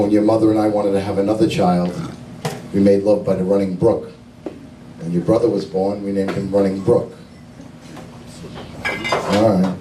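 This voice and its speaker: A man doing stand-up, telling jokes in a dry, deadpan way and laughing at his own punchlines. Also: fairly low pitch. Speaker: stand-up comedian. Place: lounge club stage. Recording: echoey club from far off, noisy.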